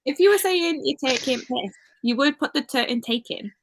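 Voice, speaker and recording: A woman's voice: sits high, animated, moderate pace, background noise. A woman from northern England chatting on a video call, laughing and often trailing off mid-sentence. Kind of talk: casual group video chat.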